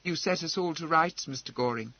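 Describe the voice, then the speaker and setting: A man voicing a proud, composed noblewoman who speaks in a brisk, wry, commanding way, in an audiobook. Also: on the high side, no room sound, dull audio.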